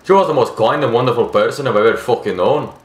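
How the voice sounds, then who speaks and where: Man doing a heartbroken, swearing Aussie widower for a game dub, higher and louder than his own voice. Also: quick pace, roomy sound, natural voice. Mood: grieving. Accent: put-on Australian. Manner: swearing, despairing, calls everyone mate. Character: grieving foul-mouthed widower man, Australian.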